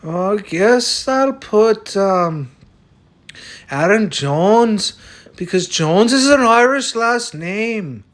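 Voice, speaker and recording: A man's voice: high voice, animated, very slow, full character voice. A man playing a brash, stubborn character who claims to be Irish, talking in a blunt, boastful way with some swearing in a comic sketch. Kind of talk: comic sketch over a fantasy lineup.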